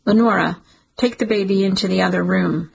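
A woman's voice: medium pitch, fairly even intonation, brisk, vocal fry, husky, heavily acted, poor audio. A woman voicing a stern, cold older father who speaks curtly and with contempt. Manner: curt, contemptuous, dismissive.

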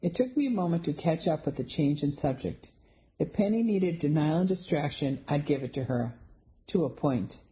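A woman reading a first-person mystery novel aloud in a wry, even storytelling manner. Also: low voice, moderate pace, low-quality recording. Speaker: audiobook narrator. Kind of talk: first-person audiobook narration.

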